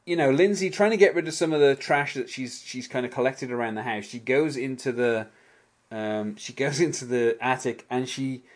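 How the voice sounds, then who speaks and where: Chatty man musing on a TV episode. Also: mid-range voice. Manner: rambling, hedging with "kind of", laughs often. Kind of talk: casual chat.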